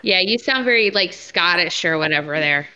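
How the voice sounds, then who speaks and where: A woman's voice: lowish voice, expressive, moderate pace, pushed and bright, clear, resonant tone. A woman co-hosting a podcast in casual chat, with chatty, reactive interjections, in dry, slightly muffled audio. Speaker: podcast co-host.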